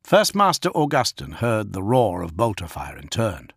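Grave, steady male audiobook narrator. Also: on the low side, moderate pace, creaky, slightly rough, dry recording, clean studio sound. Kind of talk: dramatic scripted narration.

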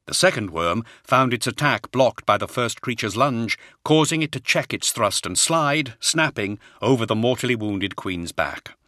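Man narrating a battle audiobook, bright. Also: mid-range voice, animated, normal speed, hardly any pauses, no echo, studio quality. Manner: dramatic, raises voice for shouted lines. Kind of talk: scripted dramatic narration.

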